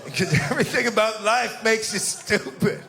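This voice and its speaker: A man's voice: high voice, moderate pace, vocal fry. A male stand-up comedian telling crude, profane jokes on a club stage. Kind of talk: stand-up routine. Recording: live club recording, loud crowd and noise.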